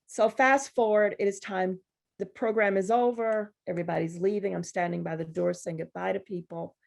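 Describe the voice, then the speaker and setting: Gravelly-voiced woman telling a story. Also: mid-range voice, moderate pace. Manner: animated, acts out other people's voices. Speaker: guest poet at a university reading. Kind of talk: conversational storytelling.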